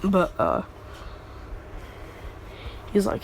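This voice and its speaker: A man with a high, gravelly voice rambles through a casual fan story full of slang and filler words. He speaks slowly, and his pitch swings widely. A faint hum sits behind him. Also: lively intonation, low-quality recording.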